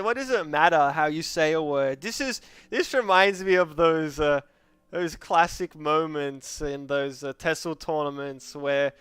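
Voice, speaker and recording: A man's voice: on the high side, a bit bright, clean tone, no room sound. A man with an Australian accent giving rambling, joking gameplay commentary as a streamer, laughing often into a close microphone.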